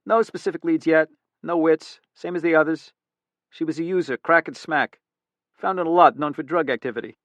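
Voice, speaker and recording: A man voicing a skinny, nervous young detective who reports in a hurried, eager way. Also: a little high, a bit bright, no echo, pitched above the performer's own voice, lightly acted. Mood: tense.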